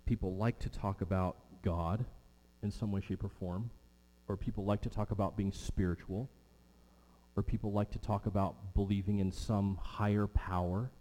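A man's voice: on the low side, warm tone, in a large hall. A man preaching an expository sermon, stressing key words and repeating his main lines.

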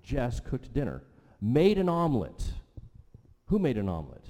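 Mellow-voiced man preaching in a hall. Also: mid-range voice, wildly swooping pitch, normal speed. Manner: conversational, repeats okay and right. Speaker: pastor. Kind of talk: sermon teaching with audience questions. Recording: long hall reverb.

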